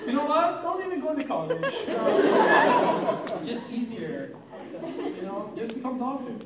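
A male stand-up comedian telling animated stories about his family on stage. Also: very high-pitched, very noisy. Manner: animated, storytelling, fast bursts and laughs. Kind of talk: stand-up set. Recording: echoey room, far from mic, crowd laughing.

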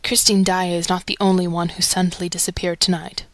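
A woman's voice: on the low side, flat delivery, fairly quick, dry recording, lightly acted. A woman reading aloud and voicing an agitated male theatre secretary who exclaims with emphasis, in a storybook. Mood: accusing.

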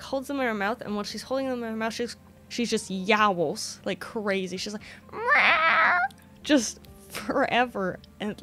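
A woman's voice: medium pitch, fairly bright tone. A woman streaming from her home desk in a casual chat, coaxing her cat in a sing-song voice. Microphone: desk microphone.

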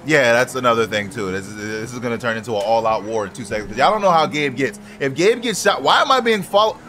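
A man streaming a game roleplay as a police officer, loud, brash and profane, joking and yelling. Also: medium pitch, lively intonation, fast talker, slight background noise.

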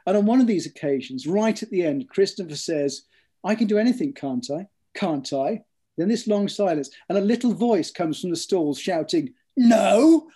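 An author speaks in a thoughtful interview with a slightly raised pitch and a mellow, soft tone. He tells his stories in a measured way and often restarts with ums and repeated words. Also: breathy edge.

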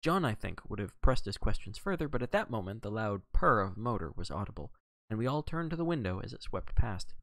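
A man's voice: lowish voice, sing-song, fairly quick, a bit bright, no echo. A man reading a classic mystery novel aloud on a livestream, narrating expressively. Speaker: audiobook reader on a livestream.

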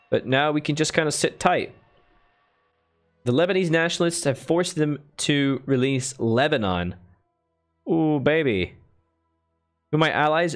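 A man live-streaming a strategy game, thinking aloud in a chatty way and thanking viewers with bursts of enthusiasm. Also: mid-range voice. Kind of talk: casual live-stream commentary.

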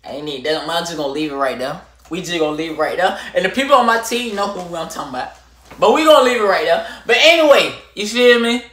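A young man telling a storytime vlog to camera, animated and slangy, swinging from loud rants to low muttering. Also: fast talker, echoey room. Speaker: vlogger.

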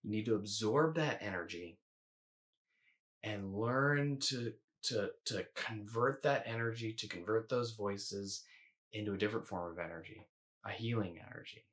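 A man coaching viewers in a calm, measured instructional talk, sometimes restarting his phrasing. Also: lowish voice. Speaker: eating coach.

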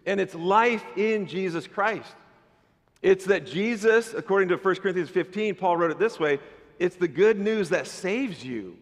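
High-voiced animated male pastor. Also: brisk, in a large hall. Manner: animated, conversational preaching with playful asides. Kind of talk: sermon. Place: church sanctuary.

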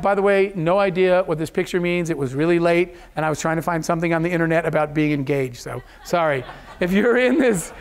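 A man giving a motivational keynote speech to an audience, telling stories in an earnest, emotional way. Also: high-pitched. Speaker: keynote speaker. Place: event hall.

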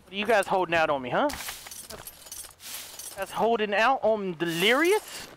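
Male gaming host, high lively voice, excitable commentary over noisy game sounds. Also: normal speed. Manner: excitable, yelps and talks to enemies. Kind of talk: casual gameplay commentary. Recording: voice over loud game audio. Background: game sound effects.

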